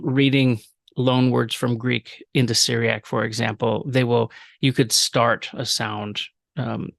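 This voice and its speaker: Man, professor, recorded lecture, gravelly, dry close sound, repeats words carefully. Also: medium pitch, a bit bright, dry recording. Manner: explanatory, filler-heavy, repeats example words slowly.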